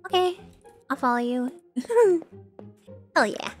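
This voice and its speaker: A woman streamer chats casually while she plays, excitable and quick to giggle. Her voice sits high and bright. Faint music plays behind her. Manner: excitable, giggly, chatty with viewers. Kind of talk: casual game stream chat.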